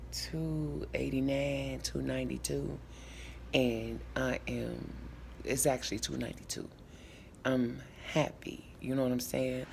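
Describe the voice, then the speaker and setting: A woman's voice: extremely low pitch, gravelly, a little mellow, a little hiss or hum. A woman in her fifties casually chatting to her followers with folksy asides, while waiting for her ride after physical therapy. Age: 50s. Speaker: vlogger. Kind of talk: casual chit-chat to camera.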